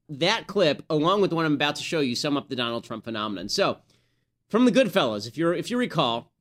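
A man's voice: mid-range voice, fairly bright tone. A man hosting a political commentary show, talking in an opinionated, conversational way and often restarting his sentences. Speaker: host.

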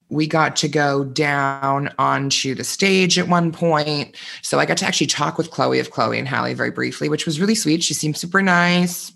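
A man co-hosting a podcast in casual chat, telling stories with animated energy, acting out quoted voices and swearing freely. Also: a little high, creaky. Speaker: podcast co-host.

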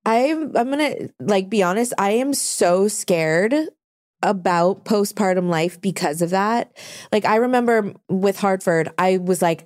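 A woman in her thirties hosting a podcast, talking candidly in casual chat, swearing and speaking in quick bursts. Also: mid-range voice, darkish tone, dry recording, clean studio sound. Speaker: podcast host.

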